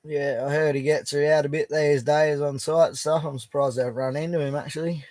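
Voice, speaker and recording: A man's voice: fairly high pitch, little pitch movement, a little fast, darkish tone, no room sound. A young Australian man chatting casually on a live stream from his bush camp, reading out viewer comments in a laid-back, chatty way and laughing easily. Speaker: prospecting livestreamer.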